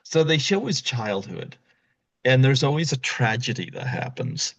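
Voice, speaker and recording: A man's voice: medium pitch, lively intonation, normal speed, fairly bright tone. A male podcast host in casual chat, animatedly retelling a film scene and acting out the quotes. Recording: dull lo-fi recording.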